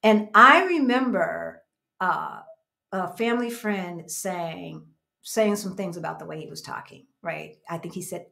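A woman's voice: on the low side, animated, unhurried, gravelly, sharp tone. Reflective woman in her fifties chatting. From United States. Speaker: livestream co-host. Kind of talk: casual chat, reading viewer comments.

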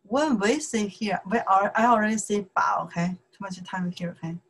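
A woman with a Chinese accent, a native Chinese speaker, teaching a casual language lesson in slow, repetitive steps and checking "okay?" after each point. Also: medium pitch, fairly bright tone, slightly rough, rough recording. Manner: slow, repeats words, says okay often.

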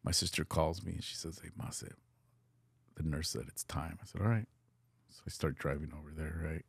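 A man's voice: extremely low pitch, fairly even intonation, moderate pace, creaky, breathy edge, no room sound. A middle-aged man telling a personal story on a podcast in an earnest, casual way, slipping into Spanish phrases and swearing freely. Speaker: podcast guest.

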